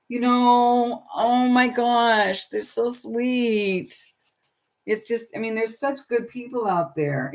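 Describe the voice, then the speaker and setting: A middle-aged woman hosting a casual crafting livestream, chatting with viewers by name while she works on her journals. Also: mid-range voice. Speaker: livestream host.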